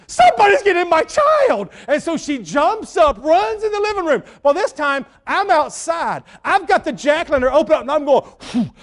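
A middle-aged man preaching, telling a lively family story and shouting the quoted lines. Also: extremely high pitch. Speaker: pastor. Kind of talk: sermon storytelling.

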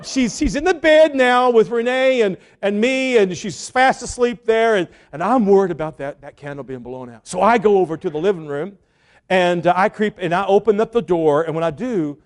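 A middle-aged man preaching, telling a lively family story and shouting the quoted lines. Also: sits high. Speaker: pastor. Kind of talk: sermon storytelling.

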